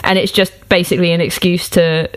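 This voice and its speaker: A young woman chatting as a podcast guest, self-mocking and quick to laugh. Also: lowish voice, little pitch movement. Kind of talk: casual chat.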